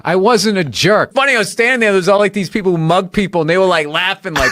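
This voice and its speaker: A man's voice: high voice, quick pace, hardly any pauses, fairly bright tone, no room sound. A man chatting casually, telling profane stories and laughing through them. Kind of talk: casual chat.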